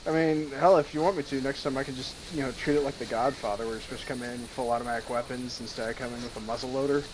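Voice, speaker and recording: A man joining a hunting game as a guest, talking in a relaxed, rambling way with lots of fillers. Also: mid-range voice, quick pace, few pauses. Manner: relaxed, laughs easily, many fillers. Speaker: guest player. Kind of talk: casual gameplay chat. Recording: hissy mic with background noise.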